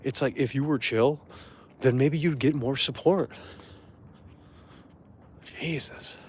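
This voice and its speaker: A slow, darkish, medium-pitched male voice belongs to a streamer on an angry tirade. Casual and full of swearing, he ridicules someone who bothered him with raised-voice impressions. There is slight background noise.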